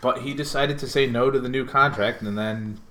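A man's voice: medium pitch, steady tone, brisk, sharp tone. A man from Connecticut co-hosting a casual podcast chat, sarcastic and rambling, swearing often. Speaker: podcast co-host.

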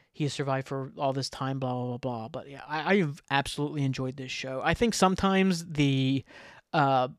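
A man's voice: fairly high pitch, clean tone, no room sound, studio quality. A man hosting a podcast, chatting casually and rambling with lots of filler words and frequent laughs. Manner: laughs while telling. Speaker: podcast host. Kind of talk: casual chat.

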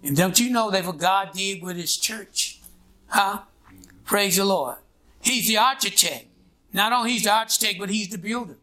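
In this sermon, the preacher throws out "what?" and "huh?" and waits for his congregation to answer back. He's a man with a high, bright, forceful voice moving at a moderate pace.

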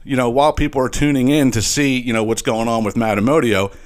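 Rambling, cursing podcast host, slight Philly accent. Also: male voice, mid-range voice, quick pace. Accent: slight Philadelphia. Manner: rambling, animated, frequent profanity and restarts. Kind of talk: casual profane monologue.

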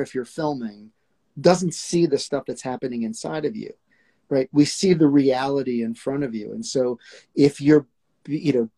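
A man's voice: mid-range voice, dark tone. A man who is an acting coach, earnestly explaining technique in a casual chat and acting out examples. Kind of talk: casual live discussion.

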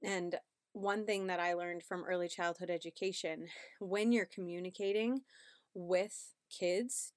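A woman's voice: lowish voice, creaky, no echo, studio quality. A pregnant woman in her thirties hosting a casual parenting podcast, chatty and upbeat, often checking in with "right?". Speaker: podcast host.

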